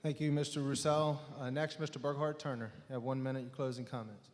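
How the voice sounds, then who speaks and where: A man moderating a candidates forum, giving brisk, matter-of-fact cues from away from the microphone. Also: medium pitch, steady tone. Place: school auditorium. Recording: distant voice in a reverberant auditorium.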